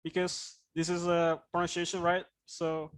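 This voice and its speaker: A man's voice: high voice, completely flat delivery, moderate pace, clear, resonant tone. A man teaching IELTS speaking in an online class, explaining points and checking in with "right?". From Indonesia. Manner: explanatory, with frequent "right?" tag questions.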